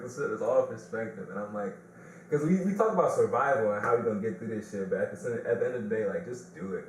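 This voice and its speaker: A man's voice: lowish voice, animated, fast. A man with a Detroit accent hosting a podcast, chatting casually and telling stories with a loose, laughing delivery. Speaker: podcast host. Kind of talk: casual chat. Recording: roomy, distant mic with background hiss.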